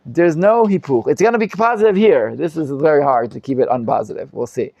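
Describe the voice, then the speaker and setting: A man, a rabbi, teaching a live Bible class, reading Hebrew commentaries quickly and explaining them in English with frequent Hebrew terms. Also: vocal fry, dry recording, muffled recording. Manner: animated, acts out quoted speakers with sudden loud pitch jumps.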